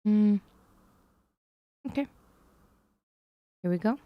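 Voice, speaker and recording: A woman's voice: medium pitch, very slow, no echo, dull audio. A woman live-streaming herself working through math lessons, musing aloud in a hesitant way and sometimes dropping to a whisper.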